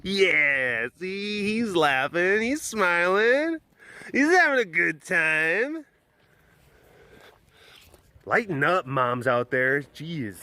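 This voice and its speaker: A man's voice: sits high, big pitch swings, extremely slow, pauses often, sharp tone, clear, resonant tone, no room sound. A man vlogging casually outdoors by animal enclosures, rambling and joking with plenty of fillers. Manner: rambling, jokey, loose with fillers. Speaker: vlogger at a big cat sanctuary. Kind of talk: casual outdoor webcast chat. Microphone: handheld or camera microphone catching wind.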